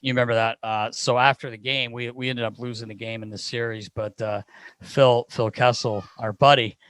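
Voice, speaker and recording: A male podcast co-host in the middle of an animated story, swearing freely and laughing along. His voice sits mid-range and the recording is dry and close to the mic. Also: mid-range voice, normal speed, smooth, no room sound. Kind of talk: casual storytelling.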